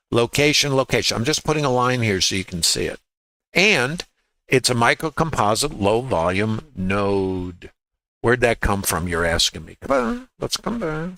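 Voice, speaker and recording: A man coaches viewers through a live chart in a bright, forceful voice. He hammers key words through repetition and keeps asking his audience rhetorical questions. The sound is close and dry, with no room in it. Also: medium pitch, no echo, low-quality recording. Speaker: trading educator. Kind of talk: live trading chart walkthrough.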